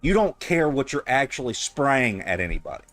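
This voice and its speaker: A man's voice: medium pitch, sing-song, normal speed, a bit bright, soft background music. A man streaming, reacting to a clip in casual, blunt, profane and mocking commentary on a close mic.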